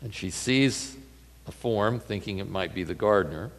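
A man preaching a sermon, retelling a story with lively swings between loud emphasis and hushed lines. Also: fairly low pitch, moderate pace, in a large hall.

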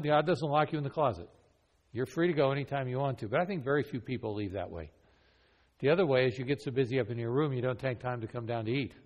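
In a muffled recording with long hall reverb, a medium-pitched man runs a church evangelism training class. His teaching includes role-play, and he keeps asking the group questions, earnest and conversational throughout.

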